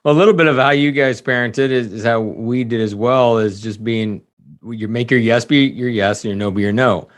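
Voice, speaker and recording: A man in his forties hosting a podcast, speaking in a measured, reflective way. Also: mid-range voice, steady tone. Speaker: podcast host. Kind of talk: casual podcast conversation.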